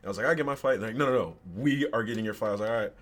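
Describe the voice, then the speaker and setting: A man's voice: lowish voice, racing, a loud crowd. A man in his twenties, a podcast guest, casually telling a personal story with slang and swearing. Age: 20s.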